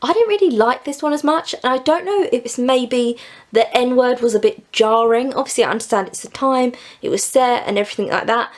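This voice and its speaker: A woman's voice: on the high side, a little fast. A young woman retelling and reviewing stories in a casual, chatty way, laughing often and saying "like" a lot. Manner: chatty, giggly, peppered with "like". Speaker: book vlogger.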